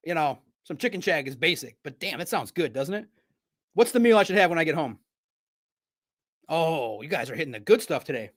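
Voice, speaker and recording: A man chats through a casual sports recap in a high, lifted voice. His tone is bright and ringing. He riffs and jokes, then suddenly gets loud for emphasis. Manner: animated, jokey riffs with sudden loud bursts. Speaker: sports show host.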